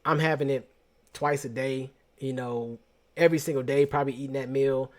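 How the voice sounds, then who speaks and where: A man host telling a personal story in a casual, slangy, animated way, often restarting his sentences. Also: mid-range voice, moderate pace.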